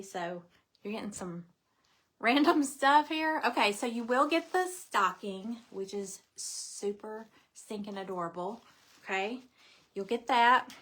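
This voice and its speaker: A woman's voice: on the high side, a bit bright. A middle-aged woman chats through a craft live stream. Her talk is bubbly and rambling, full of little asides and friendly greetings to viewers by name. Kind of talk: casual live-stream chat.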